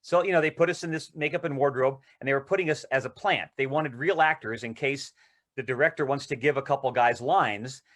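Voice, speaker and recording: Excitable man telling showbiz stories. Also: mid-range voice. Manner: excited, rambling anecdotes with quick asides. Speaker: actor guest. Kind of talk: casual storytelling interview.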